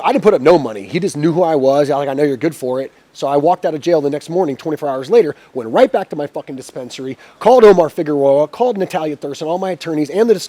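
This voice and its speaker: A middle-aged man telling a long story as a podcast guest, cursing freely and acting out what people said. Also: a little high. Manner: profane, animated, acts out quotes. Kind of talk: casual storytelling.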